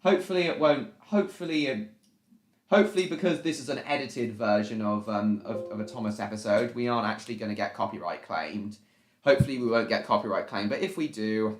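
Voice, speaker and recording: A man's voice: fairly low pitch, brisk. A man hosting a casual reaction live stream, rambling and repeating himself as he greets viewers in the chat. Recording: echoey room.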